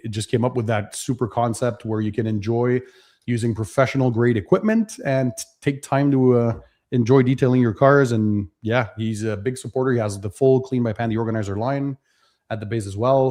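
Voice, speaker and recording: A man's voice: mid-range voice, a little fast, dark tone. A man from Montreal co-hosting a casual livestream chat, upbeat and chatty. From Montreal, Canada. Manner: upbeat, chatty, speaks some French. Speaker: co-host.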